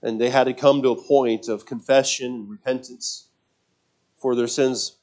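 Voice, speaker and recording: A pastor preaches in a conversational, speculative way, thinking aloud, restarting phrases and putting rhetorical questions to the congregation. His medium-pitched voice is steady and a little mellow, at a moderate pace.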